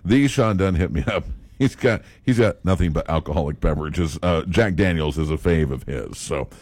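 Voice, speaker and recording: A man hosting a radio morning show, chatting casually with his co-host, playful and quick to laugh. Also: rumbling low, lively intonation, darkish tone, dry recording. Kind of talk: casual chat. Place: radio studio.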